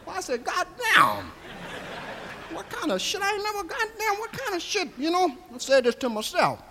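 A man's voice: very high voice, expressive, brisk, a loud crowd, heavy background noise. A man playing an old, rambling country storyteller with a Southern accent, drawling and coarse in a stand-up character monologue. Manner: drawling, folksy, coarse, keeps asking "see?". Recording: live hall reverb.

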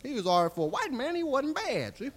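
A man's voice: very high-pitched, big pitch swings, a little fast. A man playing an old, rambling country storyteller with a Southern accent, drawling and coarse in a stand-up character monologue. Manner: drawling, folksy, coarse, keeps asking "see?". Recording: live hall reverb.

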